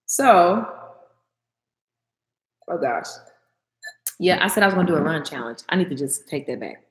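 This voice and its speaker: A woman's voice: moderate pace, pauses often, echoey room. A young adult woman hosting a casual livestream, chatting with her viewers and answering their comments. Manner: animated, talks back to comments, swings high when excited. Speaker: livestream host.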